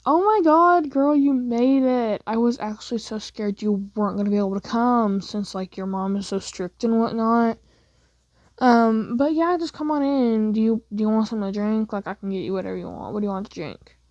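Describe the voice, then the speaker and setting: A woman's voice: mid-range voice, a little fast, warm tone, no room sound, lightly acted. Bubbly gushing teen boy bestie done by a woman, dull dry lofi audio. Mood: excited. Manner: gushing, calls people "girl". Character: bubbly excitable teenage boy, chatty best friend.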